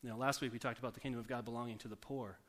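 A man preaching a sermon in a conversational way, asking the congregation questions and slowing down to softly repeat scripture. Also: mid-range voice, fairly even intonation. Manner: slows down and softens for scripture quotes.

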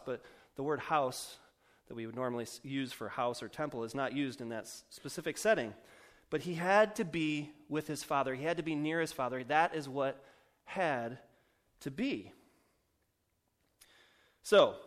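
Joking male preacher, slightly high voice. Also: moderate pace. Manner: joking, self-mocking, chatty with fillers. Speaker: pastor. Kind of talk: sermon.

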